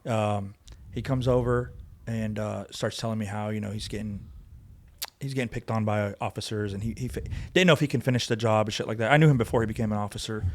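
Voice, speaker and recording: Fast-talking man telling a hard story. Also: fairly low pitch, steady tone. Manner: fast, emphatic retelling, acting out quoted voices. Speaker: guest, former police officer. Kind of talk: conversational storytelling. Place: podcast studio.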